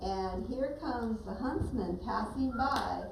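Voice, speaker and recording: A woman's voice: fairly high pitch, slow pace, gravelly. A woman teacher narrating a story while directing children acting it out in a classroom. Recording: echoey room from far off, with noise.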